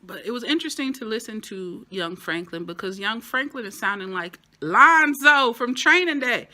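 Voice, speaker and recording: A woman gives a casual TV recap in a bright, forceful voice. She talks in a lively, animated way and throws in playful asides. Her voice jumps high when something excites her. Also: a little fast, hardly any pauses. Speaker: TV show reviewer.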